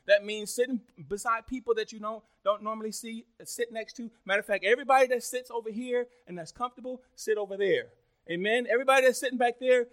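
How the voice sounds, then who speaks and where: High-voiced preaching man. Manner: emphatic preaching that swings from loud calls to soft prayer. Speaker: pastor. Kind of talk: sermon.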